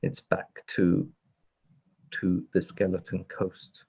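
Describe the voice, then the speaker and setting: A man narrating a tabletop game as game master, pausing often with fillers. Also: sits low, monotone, gravelly, warm tone, slightly rough. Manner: hesitant, many fillers.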